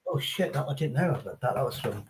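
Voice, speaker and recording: Fast and lively in intonation, this middle-aged English streamer rambles bluntly and swears as he hosts his livestream chat. His voice sits at a medium pitch, and there's faint background noise.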